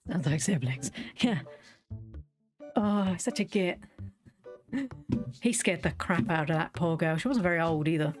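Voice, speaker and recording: A chatty woman with a low voice who tells wry stories as she plays a game and laughs easily along the way. Quiet game music runs faintly behind her. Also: expressive, unhurried, long pauses. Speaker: gaming streamer. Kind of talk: casual storytelling while playing.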